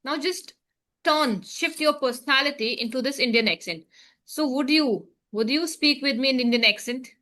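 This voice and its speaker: A woman's voice: high voice, normal speed, bright, forceful tone. A woman leading an English practice conversation, asking questions and encouraging her partner. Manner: encouraging, asks questions, frequent okays.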